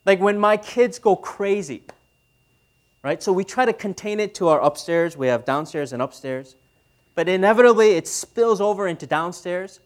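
A man's voice: high-pitched, expressive, normal speed. A man in his thirties preaching a sermon as pastor, speaking conversationally and asking the audience questions.

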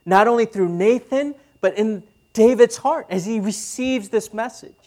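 Man in his thirties, pastor delivering a relaxed, chatty sermon with questions to the room. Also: sits high, a little slow. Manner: conversational, asks the audience questions.

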